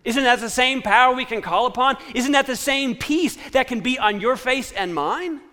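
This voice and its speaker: A man preaching a sermon, posing rhetorical questions and dropping to a hushed tone to repeat a scripture refrain. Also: very high-pitched, normal speed. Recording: echoey hall with long reverb.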